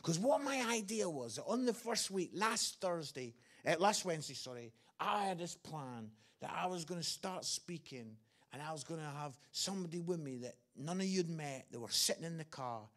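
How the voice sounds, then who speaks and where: A man's voice: fairly high pitch, lively intonation, moderate pace, fairly bright tone. A man with an English accent preaching a sermon as a guest speaker, telling a story earnestly and repeating his phrases.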